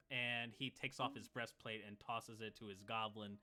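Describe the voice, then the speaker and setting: A man's voice: fairly low pitch, steady tone, normal speed, few pauses, pushed and bright, faint music behind. A man narrating as game master of a tabletop game, in a casual way with fillers.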